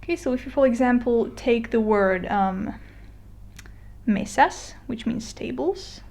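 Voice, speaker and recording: A woman giving a casual explainer lesson, chatty with fillers and restarts, slowing down to model words. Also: fairly high pitch, expressive, gravelly, a little mellow. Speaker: Spanish teacher. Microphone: voice-over on a screen recording.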